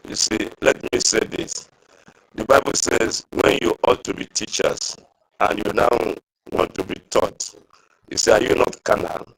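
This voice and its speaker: A man's voice: fairly low pitch, lively intonation, measured pace, vocal fry, fairly bright tone, husky, low-quality recording. A man, a veteran on an online group call, speaking earnestly and quoting scripture. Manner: earnest, preaching, quotes scripture.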